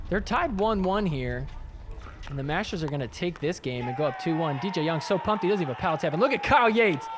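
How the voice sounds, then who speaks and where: A man's voice: on the high side, background noise. A man hosting a podcast, casually recapping sports clips with a sarcastic, chatty manner. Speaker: podcast host.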